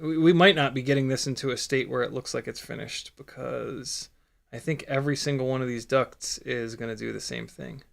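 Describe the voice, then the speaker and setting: A man's voice: mid-range voice, steady tone, a little fast, gravelly, a bit bright. A man hosting a casual live stream, talking through a hands-on build with rambling asides and swearing. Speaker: livestream host building a drone.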